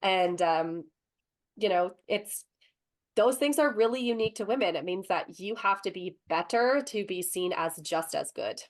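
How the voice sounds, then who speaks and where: A woman in her thirties speaking on a panel, telling stories in a calm, earnest way. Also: medium pitch, normal speed. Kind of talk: panel discussion.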